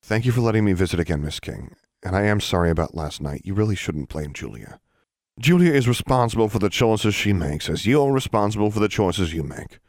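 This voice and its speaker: A man's voice: on the low side, big pitch swings, fairly quick, no echo, studio quality. A man reading a blunt teenage girl heroine. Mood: earnest. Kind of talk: audiobook character reading.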